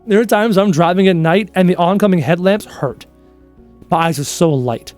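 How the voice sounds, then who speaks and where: A man in his thirties with a fairly high voice talks to his stream chat in a loose, chatty way. He tells stories with animated energy and picks up viewer questions as they come. Soft music sits faintly under his voice. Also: moderate pace. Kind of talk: casual live-stream chat.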